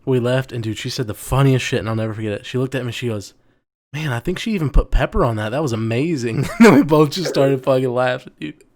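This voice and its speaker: A man's voice: mid-range voice, fast, a little mellow. A man co-hosting a casual podcast chat, joking around and telling stories with swearing. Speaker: podcast co-host.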